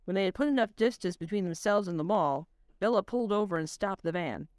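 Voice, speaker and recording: A woman reading her own spooky story aloud on a voice call, in a measured storytelling manner. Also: medium pitch, animated, darkish tone, no room sound, clean studio sound. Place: home voice chat. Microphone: computer mic on a voice call.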